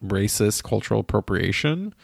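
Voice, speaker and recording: An American man co-hosting a podcast, chatting in a gossipy, animated way with his pitch jumping up when he gets excited. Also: moderate pace, gravelly, husky, no echo, clean studio sound. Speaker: podcast co-host. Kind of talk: casual chat.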